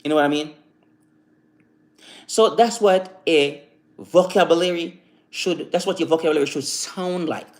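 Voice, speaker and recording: Rambling motivational man on a live stream. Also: on the high side. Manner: rambling, repetitive, with many "you know" fillers; recites slow calm affirmations. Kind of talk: casual motivational talk.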